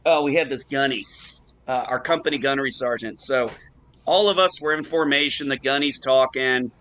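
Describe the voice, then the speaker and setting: A man on a casual online talk show, telling lively anecdotes, acting out the people he quotes and swearing freely. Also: mid-range voice, normal speed. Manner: animated anecdote teller, acts out quoted voices, swears casually. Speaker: show co-host. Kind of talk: casual storytelling chat.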